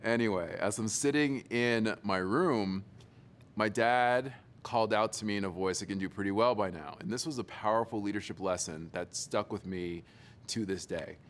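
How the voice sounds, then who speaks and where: A man's voice: lowish voice, normal speed. A young adult man giving a storytelling keynote talk, playful and teasing his audience. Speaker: motivational speaker.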